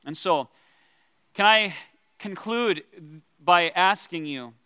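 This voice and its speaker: A man teaching as a pastor about prayer, earnest and gentle, with pauses and restarts. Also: sits high, smooth, dry recording, long reverb tail.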